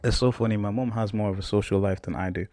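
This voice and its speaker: A man's voice: on the low side, slight background noise. A young man in his twenties, a podcast host, telling a personal story in a casual, repetitive way. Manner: casual, repetitive, animated retelling.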